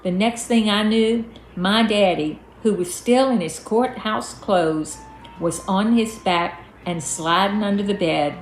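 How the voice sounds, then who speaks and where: A woman's voice: medium pitch, measured pace. Woman, memoir reading, folksy, roomy echo, faint music. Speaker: storyteller, author. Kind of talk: reading a personal memoir aloud. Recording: echoey room, faint music.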